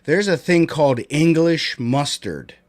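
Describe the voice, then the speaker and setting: A man co-hosting a casual podcast, animated and playful, often laughing. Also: fairly high pitch, unhurried. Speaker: co-host.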